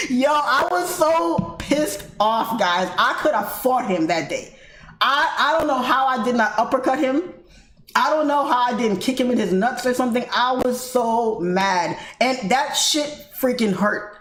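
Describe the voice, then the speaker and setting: An American woman hosting a livestream, casually telling a story to her viewers in an animated way, laughing often and calling them guys. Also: sits high, slow. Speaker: livestream host. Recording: echoey room with faint noise.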